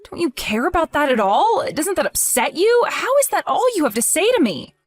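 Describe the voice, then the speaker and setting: A woman's voice: sits high, very animated, normal speed, faint music behind. A woman voicing a grieving young wife in a text-message drama, talking in a pleading, indignant way. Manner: tearful, pleading, rising to indignant.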